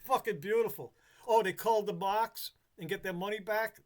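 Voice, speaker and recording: A man's voice: high-pitched, steady tone, normal speed, soft background music. A man in casual chat, rambling with frequent restarts and freely swearing.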